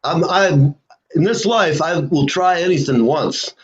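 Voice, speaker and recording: A man's voice: fairly high pitch, unhurried. A man hosting a casual live show, telling rambling stories with lots of fillers. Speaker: host. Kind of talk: casual storytelling chat. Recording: lo-fi dull sound.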